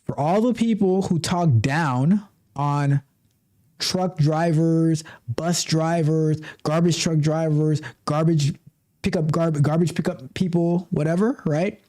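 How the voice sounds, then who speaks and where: Guy on a stream reading an article out loud, warm mellow voice, keeps tripping over words and jumping in with comments. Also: on the high side. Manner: animated asides, frequent restarts and repeated words. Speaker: livestream host.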